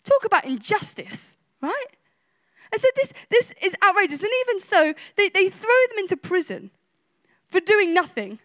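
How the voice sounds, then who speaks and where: Woman preacher, high and very expressive, dry close sound, emphatic sermon delivery. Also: normal speed, dry recording. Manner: emphatic, with rhetorical questions and repetition. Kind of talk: sermon retelling a scripture story.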